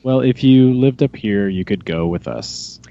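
A man hosting a fan podcast, chatting casually and excitedly with rambling asides. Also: fairly low pitch, measured pace, gravelly. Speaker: podcast host. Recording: dull lo-fi podcast mic.

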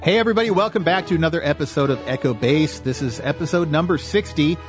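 A man's voice: fairly high pitch, fast, music in the background. An American man hosting a casual podcast chat, rambling with lots of fillers and restarts. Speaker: podcast host.

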